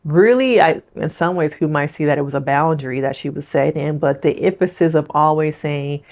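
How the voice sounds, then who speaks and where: A woman's voice: sits low, moderate pace, hardly any pauses, a little mellow. A woman therapist giving a casual, chatty recap of a reality show and talking straight to her viewers. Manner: chatty, addresses viewers directly. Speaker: licensed therapist.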